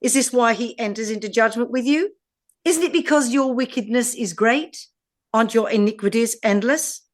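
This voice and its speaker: A woman with an English accent, co-hosting a podcast and reading scripture aloud in a measured, deliberate way. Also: fairly high pitch. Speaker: podcast co-host.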